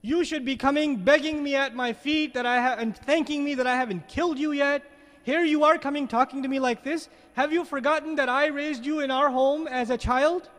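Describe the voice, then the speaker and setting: A man's voice: very high-pitched, steady tone, a little fast, a bit bright. A preacher putting on a taunting arrogant king. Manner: taunting, condescending. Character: arrogant scheming ancient male king. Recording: long hall reverb.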